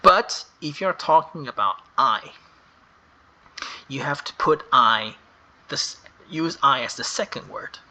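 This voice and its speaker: A man walks through a grammar lesson at a very slow, deliberate pace. His voice is bright and sharp, and he leans on the key words as he explains. The delivery is patient and step by step. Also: mid-range voice, expressive. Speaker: English grammar teacher.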